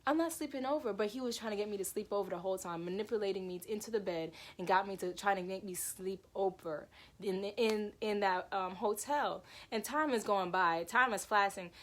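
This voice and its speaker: A woman's voice: medium pitch, a little fast. A woman telling a personal story to camera in a loose, emphatic, rambling way. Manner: animated, emphatic, lots of "like" and "yo".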